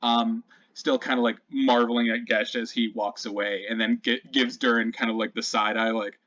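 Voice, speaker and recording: A man's voice: mid-range voice, level tone, normal speed, a bit bright. A man running a tabletop game as dungeon master, narrating loosely with lots of fillers. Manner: loose, chatty, many fillers. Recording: slightly dull lo-fi sound.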